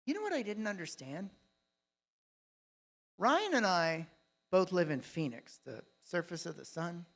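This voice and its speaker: A man giving a keynote talk on a live conference stage, telling a story with dramatic swings between loud and hushed delivery. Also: high-pitched, sing-song, unhurried, gravelly, long pauses. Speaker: dentist and coach, keynote speaker.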